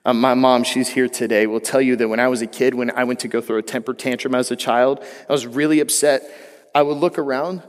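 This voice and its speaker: A man's voice: medium pitch, steady tone, a little fast. Preaching man in a reverberant hall. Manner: conversational preaching with jokes, rising emphatic peaks. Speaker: pastor. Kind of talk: sermon. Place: church hall.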